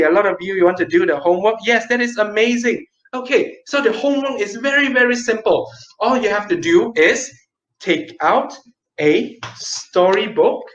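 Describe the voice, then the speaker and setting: A man teaching an online kids' storytelling class, lively and playful, with dramatic pauses. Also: sits high, echoey room, lo-fi sound.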